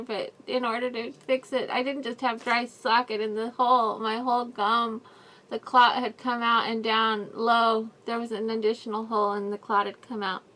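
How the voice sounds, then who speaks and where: A woman's voice: fairly high pitch, flat delivery, normal speed, a bit bright. A woman vlogging a personal update, rambling and apologetic, in pain and near tears. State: in mouth pain, crying at times. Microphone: camera mic, wearing a face mask.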